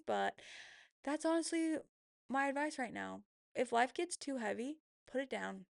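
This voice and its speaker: Gravelly-voiced woman telling a candid story. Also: fairly high pitch, dry recording, clean studio sound. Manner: emotional, confessional, quick asides. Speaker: vlogger.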